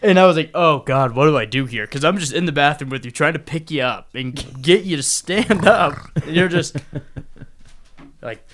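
A man's voice: fairly high pitch, moderate pace, a bit bright. A man in his late twenties, a podcast co-host, telling a story in wry casual chat. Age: late 20s.

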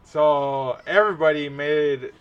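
A man's voice: a little high, takes it slowly, smooth, lo-fi sound. A young man in easygoing casual chat, talking loosely with lots of "you know.".

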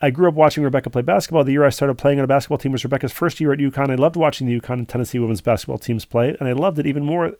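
A man's voice: mid-range voice, racing, hardly any pauses, dark tone, no room sound, studio quality. A man co-hosting a podcast, reading listener emails aloud and wandering off into rambling asides in casual chat. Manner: rambling, digressive, full of asides. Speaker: podcast co-host.

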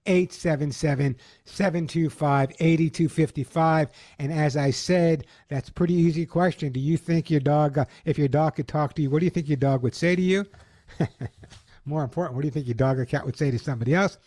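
A middle-aged man with a Long Island New York accent, hosting a call-in radio show in an upbeat, lively way. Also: on the high side, normal speed. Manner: upbeat, lively promotional delivery.

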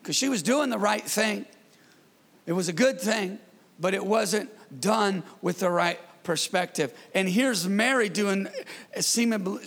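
High-voiced gravelly pastor preaching. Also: male voice, in a large hall. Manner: lively, conversational preaching with call-and-response. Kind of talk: sermon. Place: church.

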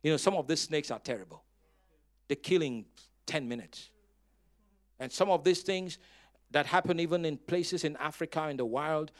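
His voice a little high, a male pastor delivers a dramatic sermon, telling humorous stories. Now and then he erupts into loud, emphatic bursts while calling on the congregation to respond.

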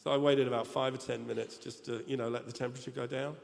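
This middle-aged preacher talks fast in a creaky, mid-range voice with little pitch movement, over slight background noise. His sermon is humorous and story-based, chatty and joking as he speaks directly to the congregation in a large church with a reverberant hall and faint ambience.

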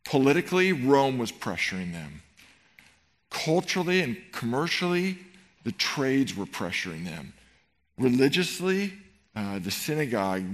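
A middle-aged man preaching a sermon in a church, animated and rhetorical, swinging between loud emphasis and quiet tenderness. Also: mid-range voice. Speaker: pastor. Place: church sanctuary.

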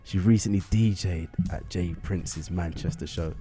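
A male radio host with a lowish voice, talking into a studio microphone. He keeps things loose and jokey, laughing easily with his guest. Faint music plays in the background. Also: normal speed, mellow. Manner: chatty, joking, laughs easily. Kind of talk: casual radio interview.

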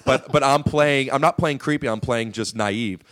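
A man's voice: mid-range voice, moderate pace, fairly bright tone. A man guesting on a podcast, telling rambling, profane stories with lots of fillers. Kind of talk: casual storytelling.

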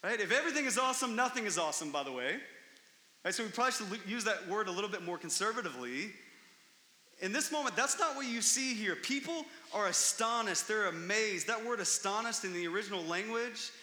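A man preaching a sermon, telling stories with lively, excited emphasis. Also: sits high, a little fast. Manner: animated storytelling, rising to excited emphasis. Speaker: pastor. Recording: echoey hall with long reverb.

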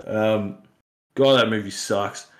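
A man with an Australian accent and a lowish voice speaks slowly as a podcast co-host. He rambles through a casual film review, laughing and acting out lines from the movie.

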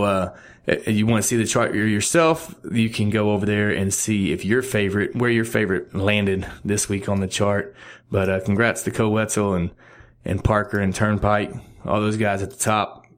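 Man, middle-aged, low-ish voice, casual show host, rambling, self-correcting. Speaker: podcast host. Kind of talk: casual Texas music news chat.

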